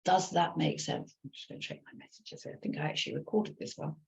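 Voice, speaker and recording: A woman coaching live in an earnest voice with a gravelly, fry-edged texture. She keeps circling back to repeat her points. Her audio sounds dull and lo-fi, like a livestream. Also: deep voice, steady tone, fast talker. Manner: earnest, repetitive, loops back over points. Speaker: recovery coach.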